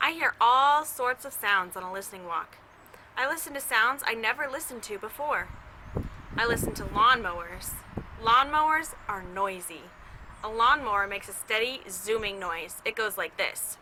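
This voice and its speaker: A woman teacher reads a picture book aloud to children while sitting outdoors with her dog. She stays cheerful and imitates each sound in the story, in a very bright, slightly high voice. Faint outdoor noise hums in the background. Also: expressive, normal speed, poor audio. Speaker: music teacher reading to children.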